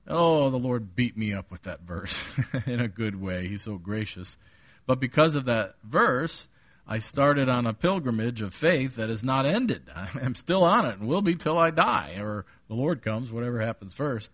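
Middle-aged man, pastor, evening sermon; earnest, personal, measured scripture reading. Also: medium pitch, animated, a bit bright. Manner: earnest preaching, reads scripture slowly and deliberately.

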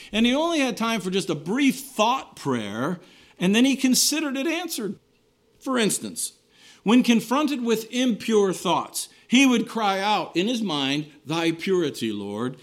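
A man preaching a sermon, earnest, rising to emphatic lines and then dropping low and quiet at the ends of phrases. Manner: earnest preaching with wide swings between raised and hushed phrases.

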